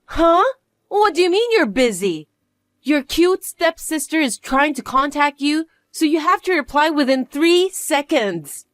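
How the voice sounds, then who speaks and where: A woman's voice: sits high, lively intonation, measured pace, no echo, studio quality. A woman voicing a bratty, boastful young stepsister who talks in a haughty, taunting, demanding way. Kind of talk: dramatized story acting.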